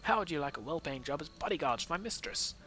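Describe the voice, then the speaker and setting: A man's voice: a little high, animated, fast, sharp tone, rough recording. A man reading out the lines of an eager male servant in a video game, in his own plain voice. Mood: earnest.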